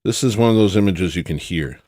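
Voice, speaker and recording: A man hosting satirical commentary, rambling and joking with loud sudden bursts. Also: sits low, brisk, no echo, clean studio sound. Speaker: commentary host.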